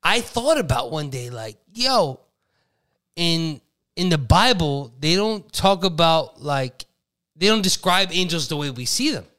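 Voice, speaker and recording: Animated man telling a story. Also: on the high side, a little slow. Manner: animated storytelling, swearing, puts on silly voices. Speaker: podcast co-host. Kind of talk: casual chat.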